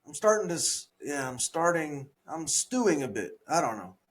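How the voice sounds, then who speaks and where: A man co-hosting a comedy podcast, workshopping his own jokes in casual chat and reading lines in an animated voice. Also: fairly high pitch, normal speed. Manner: reads joke lines in a raised, animated voice; laughs easily, thinks aloud.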